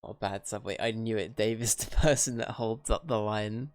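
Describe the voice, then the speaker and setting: A man's voice: lowish voice, steady tone, normal speed, no room sound. A young Englishman chatting casually and rambling with self-mocking humour while streaming a game. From England.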